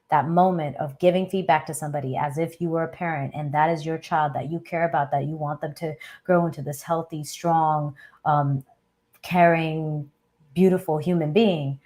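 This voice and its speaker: Low-voiced woman hosting live chat. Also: fairly even intonation, normal speed, darkish tone. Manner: conversational, often ends points with a questioning "right?"; thinks aloud with fillers and small restarts. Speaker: host of a live Q&A. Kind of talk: casual live chat talk.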